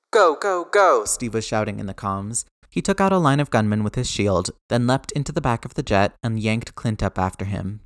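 Low-voiced man narrating an action story. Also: no room sound, clean studio sound. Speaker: audiobook narrator. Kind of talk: scripted narration.

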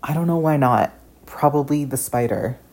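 A man's voice: mid-range voice, moderate pace, creaky, darkish tone, pitched above the performer's own voice, natural voice. A man voicing an earnest, shaken teenage boy hero who stammers and restarts his sentences.

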